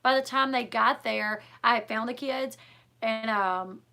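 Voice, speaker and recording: A woman vlogger rambles through a personal story about a scare she had, her speech stuffed with "like" and "um." Her slightly high voice has a sharp tone, and she takes her time as the emotion of the retelling comes through.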